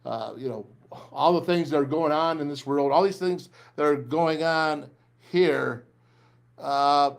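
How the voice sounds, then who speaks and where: A man's voice: on the high side, a little slow, gravelly. A middle-aged man hosting a sports talk show, ranting emphatically and reading ads, repeating phrases for punch. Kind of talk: fired-up sports talk and live ad reads.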